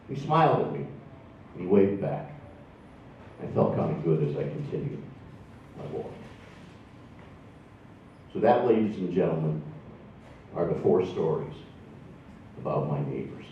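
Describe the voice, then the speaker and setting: A man's voice: low voice, lively intonation, unhurried, long pauses, far from the mic, slight background noise. A man, telling wry, self-deprecating stories to a live audience. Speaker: storyteller. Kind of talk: stand-up storytelling. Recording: echoey room from afar, dull sound.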